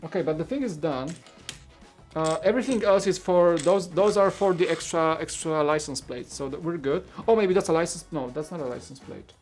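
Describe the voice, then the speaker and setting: A man's voice: fairly high pitch, a little fast, a little mellow, soft background music. A man whose first language is Polish, hosting a casual livestream as he builds. He rambles, stammers, repeats words and chuckles as he talks. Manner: chuckles often while talking. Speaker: livestream host.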